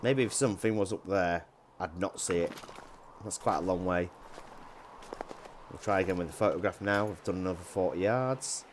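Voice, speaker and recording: A man with a Yorkshire accent chatting casually while playing a hunting game, rambling with restarts and often dropping his voice low. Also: normal speed, long pauses, a little hiss or hum. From Yorkshire, England. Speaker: gaming YouTuber. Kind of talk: casual gameplay commentary.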